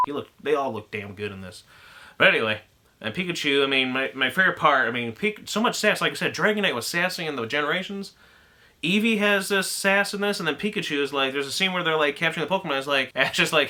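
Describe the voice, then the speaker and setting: A man's voice: fairly high pitch, lively intonation, fast talker, sharp tone. A man giving a casual, rambling spoken film review, laughing often and acting out lines from the movie. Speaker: anime reviewer.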